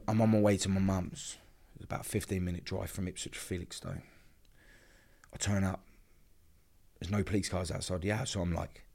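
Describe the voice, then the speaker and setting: A man's voice: low voice, creaky, darkish tone. A man, a podcast guest telling an emotional personal story and acting out the other people's lines as he goes. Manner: vivid storyteller who acts out quoted dialogue.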